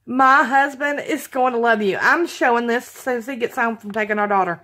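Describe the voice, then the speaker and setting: Brisk and sharp-toned, a woman from Alabama with a slightly high voice chats through an unboxing of craft supplies. She gushes giddily, laughs a lot and keeps apologizing.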